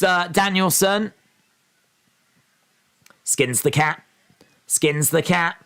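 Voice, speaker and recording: An English man hosting a live watch-along, talking in an unhurried, relaxed way. His voice sits a bit high for a man as he calls each move and reads out viewer messages. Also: creaky, clean tone. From England. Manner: calls the match action and reads viewer comments aloud. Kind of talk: casual live commentary and chat reading.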